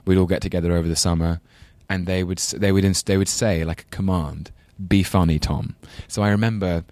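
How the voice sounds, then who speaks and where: A man with a London accent, talking in a very low voice. He chats as a guest actor, rambling and poking fun at himself. The sound is dry and close, with no room around it. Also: fairly even intonation, fast, darkish tone, no echo. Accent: English, London. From United Kingdom. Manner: rambling, self-deprecating, laughs often. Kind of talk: casual interview chat.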